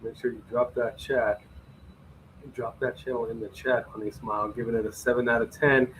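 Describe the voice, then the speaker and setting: A man's voice: mid-range voice, level tone, moderate pace, fairly bright tone, a little hiss or hum, poor audio. A man co-hosting a casual live stream, playfully reading out viewers' ratings and chatting with his co-host.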